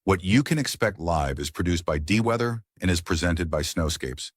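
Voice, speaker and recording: A man reading a scripted closing announcement in a formal, even announcer style. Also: low voice, moderate pace, dry recording, studio quality.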